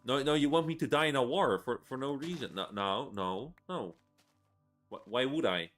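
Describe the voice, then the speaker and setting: A man's voice: mid-range voice, animated, normal speed, fairly bright tone, soft background music. A man in his twenties giving casual, rambling gameplay commentary, swearing a lot and laughing between rants. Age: 20s. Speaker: gaming video creator.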